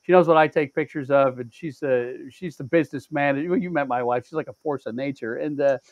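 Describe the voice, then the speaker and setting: A man telling stories in casual chat, animated and profane, with halting restarts and stammered repeats. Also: dry recording, dull audio. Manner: animated, profane, acts out quotes with big pitch jumps. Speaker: show regular.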